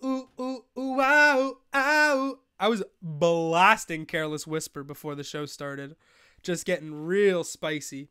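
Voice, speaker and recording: Young man, show host, casual live chat, excitable, swearing, crisp tone. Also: sits high, no echo, clean studio sound. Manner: excitable, swears, rants in frustration. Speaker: fantasy football show host. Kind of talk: live-streamed casual commentary.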